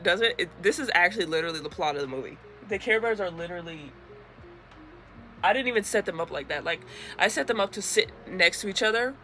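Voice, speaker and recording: A young woman talks to the camera from her bedroom in a casual craft vlog. Her voice is bright and ringing, and she rambles in a chatty way. She can sound worn-out and grumbling one moment and squeal with excitement the next. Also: lowish voice. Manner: chatty and expressive, swinging between weary grumbling and squealing excitement. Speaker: crochet vlogger.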